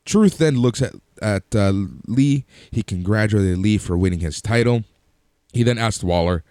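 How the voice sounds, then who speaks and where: A man's voice: lowish voice, lively intonation, moderate pace, mellow, dry recording, clean studio sound. A man casually recapping a wrestling show, then giving his offhand opinions. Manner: recaps events then gives offhand opinions, some fillers.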